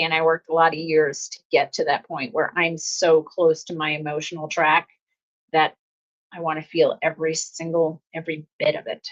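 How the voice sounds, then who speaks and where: A middle-aged woman talks earnestly to her listeners in a casual self-help talk, circling back to repeat her key phrases. Her voice sits fairly low for a woman. The audio is a little dull and lo-fi. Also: level tone, moderate pace. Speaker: host.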